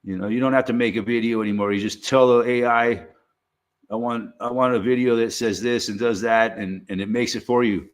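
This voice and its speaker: A man streaming a casual monologue, rambling and swearing freely, with lots of halting restarts and "you know". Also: medium pitch, steady tone.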